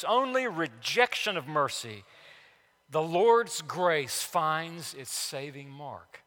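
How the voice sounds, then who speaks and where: Preaching in a church sanctuary, a man's slightly high voice fills a large hall. He is emphatic, repeats key phrases, and alternates between loud declarations and quiet asides.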